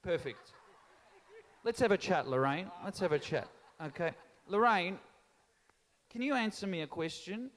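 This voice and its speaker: Man, high voice, stand-up comedian, teasing crowd banter, echoey town hall. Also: unhurried, pauses often. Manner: animated, teasing audience banter. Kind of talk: live stand-up crowd work. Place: large town hall stage with live audience.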